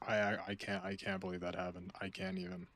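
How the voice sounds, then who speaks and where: A man's voice: deep voice, big pitch swings, fast, vocal fry, fairly bright tone. A young man giving casual gameplay commentary, slangy and prone to exasperated outbursts between muttered asides. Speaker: gamer.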